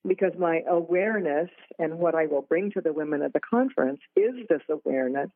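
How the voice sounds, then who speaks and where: A woman's voice: low voice, brisk, dry recording. A woman guest on a talk radio interview, telling her story with fillers and light laughs. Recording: tinny call line.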